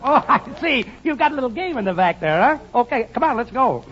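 A man's voice: very high-pitched, sing-song, quick pace, loud music behind the voice. An actor playing a flustered, giggly comic man mistaken for a Nazi inspector, in a 1940s film comedy. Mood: giddy. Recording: dull old film soundtrack with clear hiss.

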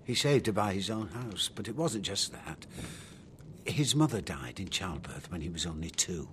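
Modest screenwriter in a radio play, hesitant, expressive pitch. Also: male voice, normal speed, a little hiss or hum. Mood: polite. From English Midlands. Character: modest young male screenwriter interviewing an older woman. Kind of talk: radio drama acting.

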